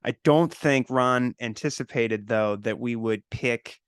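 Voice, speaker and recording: A man's voice: medium pitch, a little slow, smooth, no echo, studio quality. A man speaking as a podcast guest, blunt and opinionated in casual political talk.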